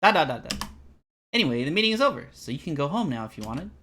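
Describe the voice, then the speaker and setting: Brief: young male streamer with a bright, sharp voice, animated and rambling while reading game text. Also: on the high side, quick pace, slight background noise. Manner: rambling, animated, self-deprecating. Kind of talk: live game playthrough commentary.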